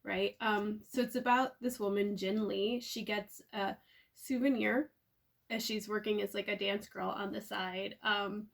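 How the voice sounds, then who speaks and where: A young woman talking casually and excitedly about the books she bought, with plenty of "um" and "like.". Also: mid-range voice, unhurried, creaky. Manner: chatty, filler-heavy, excitable. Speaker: book vlogger. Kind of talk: casual book haul chat. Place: at home.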